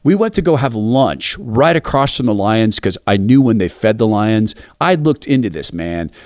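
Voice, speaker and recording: A middle-aged man preaching a devotional talk, telling lively family anecdotes and acting out the voices. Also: lowish voice, moderate pace, no echo, studio quality. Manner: animated, acts out voices in anecdotes.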